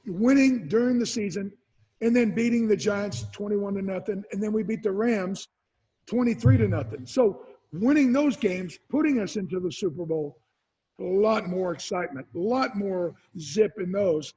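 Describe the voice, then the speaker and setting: A man's voice: high-pitched, normal speed, husky. A retired football player in his sixties, telling stories in an interview and acting out what people said. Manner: animated storyteller, acts out quotes. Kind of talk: storytelling interview answers. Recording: dull lo-fi sound.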